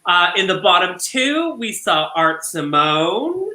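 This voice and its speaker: Campy drag co-host in an echoey room. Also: male voice, sits high, very animated, takes it slowly, sharp tone. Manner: campy, gushing, laughs a lot. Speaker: co-host of a drag review show. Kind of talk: casual live-stream chat.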